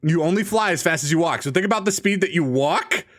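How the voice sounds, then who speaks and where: A man's voice: on the high side, expressive, quick pace, fairly bright tone. A young man co-hosting a podcast, joking around and asking playful questions in casual chat. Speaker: podcast co-host. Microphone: studio podcast mic.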